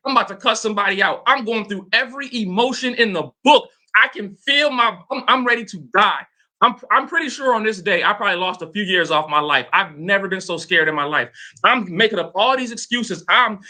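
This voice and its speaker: A man's voice: high voice, animated, moderate pace, pushed and bright. A middle-aged man, a motivational coach, telling a personal story with dramatic flair and speaking straight to his audience. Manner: dramatic, addresses the audience directly.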